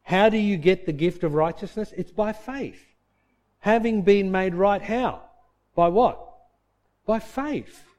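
A male pastor preaches slowly, asking his congregation questions that he then answers himself. For heartfelt points he drops into a soft, low voice.

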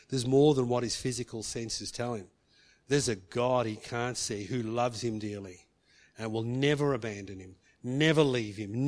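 A man preaching a sermon, telling a personal story and putting questions to the congregation. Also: medium pitch.

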